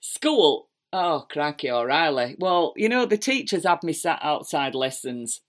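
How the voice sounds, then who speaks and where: Yorkshire woman in her fifties, low voice, lively self-deprecating storyteller. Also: a little slow. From England. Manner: chatty, animated and self-deprecating, with broad dialect. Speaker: podcast host. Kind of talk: personal storytelling monologue. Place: home kitchen.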